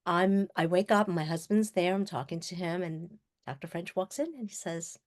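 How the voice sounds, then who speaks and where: Lively storyteller woman in her sixties. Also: on the low side, moderate pace, dry recording, clean studio sound. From Long Island, New York. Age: 60s. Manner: lively, acts out quoted dialogue, laughs often. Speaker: guest speaker, filmmaker. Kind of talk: personal storytelling in an interview. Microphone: webinar call microphone.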